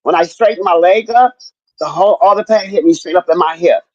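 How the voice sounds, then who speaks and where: A woman's voice: fairly low pitch, a little fast, husky, no echo, dull audio. An older woman and grandmother speaking candidly in a casual chat, often repeating herself and cursing freely. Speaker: stroke survivor sharing her story.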